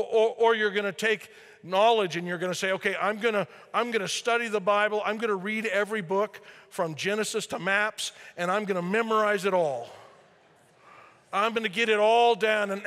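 A man preaching a sermon as pastor, animated, swinging between loud emphasis and quiet asides. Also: sits high, measured pace, big-room sound. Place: church sanctuary.

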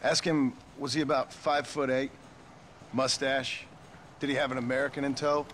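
An actor playing a terse cowboy outlaw. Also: male voice, mid-range voice, little pitch movement, moderate pace, a bit bright, a little hiss or hum, close to an everyday voice. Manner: curt, plain-spoken. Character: gruff male cowboy outlaw, terse and guarded. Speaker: game character.

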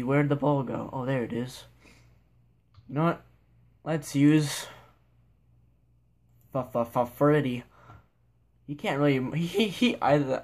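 Gravelly-voiced young man rambling over gameplay. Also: medium pitch. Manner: goofy, rambling, talks to himself and the game. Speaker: gameplay video maker. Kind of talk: casual gameplay commentary.

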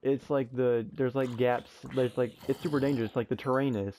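Young man, let's play host, casual storytelling, profane slang, dark tone. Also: mid-range voice, a little fast, slight background noise. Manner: animated, slangy, swears freely. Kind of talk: casual gameplay chat and storytelling. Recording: muffled lo-fi audio.

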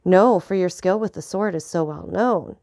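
A woman's voice: lowish voice, normal speed, vocal fry, darkish tone, no echo, studio quality. A woman voicing an anxious, earnest young soldier who pleads with his friend.

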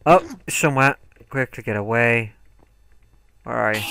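A man's voice: mid-range voice, measured pace, gravelly, pauses often, sharp tone, slight background noise. A young man giving let's play commentary, talking to himself and yelping when startled. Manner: jumpy, talks to himself, yelps when startled. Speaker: gaming commentator.

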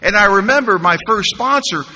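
Male speaker, wry storyteller at a podium, lively asides to the crowd; large hall reverb with faint noise. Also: sits high, normal speed. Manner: humorous, conversational, asks the room rhetorical questions. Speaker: recovery meeting speaker. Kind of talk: storytelling talk at a recovery convention.

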